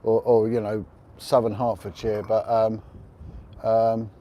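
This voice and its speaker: A man's voice: fairly low pitch, little pitch movement, slow, mellow. Rambling, blunt man on an outdoor livestream. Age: middle-aged. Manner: chatty, rambling, blunt opinions. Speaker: livestream host. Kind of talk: casual livestream monologue. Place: outdoors on a windy rooftop.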